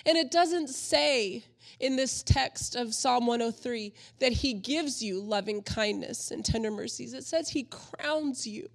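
A woman's voice: a little high, measured pace, gravelly. A middle-aged woman pastor preaching a sermon, earnest and emotional, mixing scripture with homey stories.

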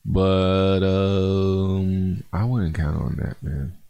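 Deep gravelly laid-back male crypto host. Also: fairly even intonation, very slow, mellow. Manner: laid-back, chatty, calls viewers man and bro. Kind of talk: casual livestream chat reading comments.

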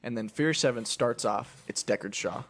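A man with an ordinary mid-range voice co-hosts a podcast. He recaps movie plots in casual, playful chat. His storytelling is animated, with little acted-out bits along the way. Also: medium pitch, moderate pace, slight background noise. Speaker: podcast co-host.

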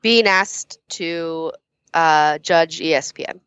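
A woman's voice: low-pitched, takes it slowly, a bit bright, smooth, no echo, lo-fi sound. A woman being interviewed as a guest judge, talking candidly, laughing often and swearing casually.

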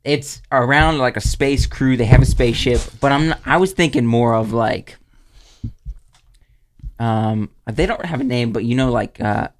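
A man's voice: mid-range voice, moderate pace, background noise. Male podcast co-host, casual studio chat, rambly and hesitant. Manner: rambling, searching for words.

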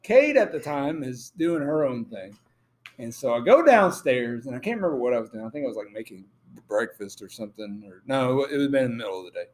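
A man's voice: medium pitch, fast. A man co-hosting a podcast, telling a story in a giggly way with frequent laughter. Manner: giggly, animated storyteller who laughs often. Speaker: podcast co-host. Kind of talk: casual storytelling.

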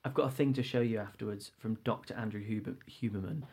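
A man hosting a casual podcast, asking relaxed and encouraging questions. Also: on the low side, fast, husky, soft background music. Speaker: podcast host.

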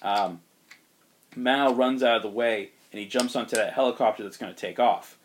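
A man's voice: mid-range voice, normal speed, slight background noise. Man casually retelling a story. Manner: loose, animated retelling with laughs and fillers. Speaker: host pitching a movie story.

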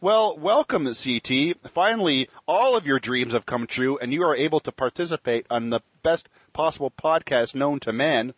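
A man hosts a podcast chat with a slightly raised pitch that swoops up and down as he jokes. His voice is close and dry, with no room sound behind it, and he fills his pauses with ums and uhs. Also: no room sound. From Canada. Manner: animated, jokey, with filler ums and uhs. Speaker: podcast host.

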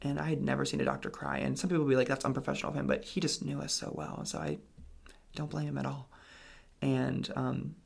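A young man who talks fast, with a creaky, husky, medium-pitched voice, tells his personal story as a guest. His telling is casual and rambling, heavy on "like" and "um" fillers.

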